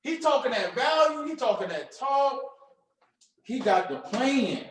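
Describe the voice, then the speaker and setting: A man coaching an audience on social media and trading, energetic and preachy, with slang and call-and-response questions. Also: very high-pitched, measured pace, roomy sound, poor audio. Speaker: trading mentor. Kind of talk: motivational coaching talk.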